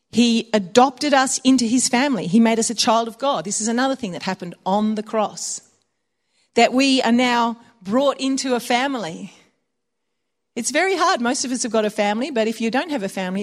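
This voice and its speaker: A woman preaching a conversational sermon, telling personal stories and laughing often. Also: fairly high pitch.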